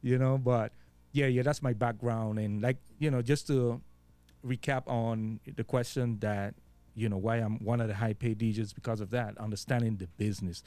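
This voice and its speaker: Here a guest DJ with a Virgin Islands accent talks loosely in a casual interview, using a mid-range, steady, dark-toned voice at normal speed. Street slang, fillers, and frequent swearing fill his relaxed talk, recorded without room sound.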